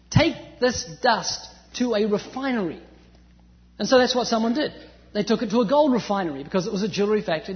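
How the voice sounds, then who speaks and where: Male preacher, faint New Zealand accent, dramatic loud-soft delivery, muffled lo-fi recording. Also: very high-pitched. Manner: animated preaching, swinging from loud emphasis to hushed asides. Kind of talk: sermon. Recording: dull sound with long hall reverb.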